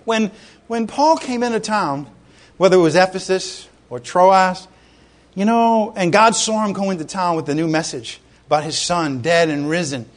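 High-voiced man preaching conversationally. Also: normal speed. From Rhode Island. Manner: conversational, animated storytelling with asides to the congregation. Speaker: pastor. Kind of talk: sermon.

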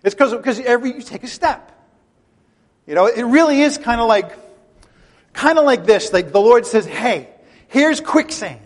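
A pastor preaching a sermon in an animated, emphatic way, mixing conversational asides with his teaching. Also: very high voice, normal speed, pauses often, long reverb tail.

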